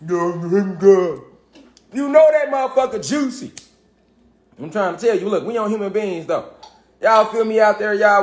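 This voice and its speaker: A man teaching a casual, rambling lesson from home, profane and full of repeated "you know what I'm saying.". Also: high voice. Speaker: spiritual teacher. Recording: roomy echo.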